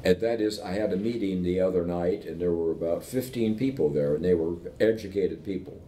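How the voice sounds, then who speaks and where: A man with a slightly low voice tells lively anecdotes, pausing to ask his listeners if they follow. He sounds like he is in a roomy, echoing space with a faint rumble behind him. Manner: animated anecdotes, keeps checking in with "okay?". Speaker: invited professor speaking with entrepreneurs. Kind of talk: conversational storytelling.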